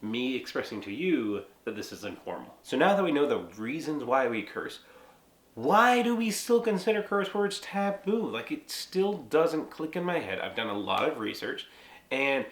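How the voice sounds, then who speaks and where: Brief: young American man, mid-pitched, loose and profane, talking to camera in an echoey room. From United States. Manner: lively, profane, frequent "like" and "right?". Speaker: vlogger. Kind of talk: casual explainer monologue.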